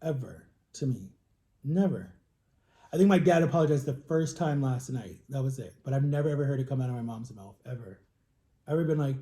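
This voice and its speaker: A man's voice: mid-range voice, fairly quick, mellow. A man in his thirties talking openly and emotionally in a personal vlog, with emphatic repetitions. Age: 30s. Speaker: vlogger.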